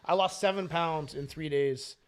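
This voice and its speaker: A man's voice: fairly high pitch, normal speed, slight background noise. A man on a casual podcast, telling rambling, profane stories and laughing along as he talks. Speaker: podcast co-host.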